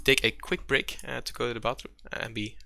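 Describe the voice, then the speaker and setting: A man's voice: medium pitch, level tone, fairly quick, gravelly, crowd noise. A man running a tabletop game as game master, narrating casually in a loose, rambling way with many fillers.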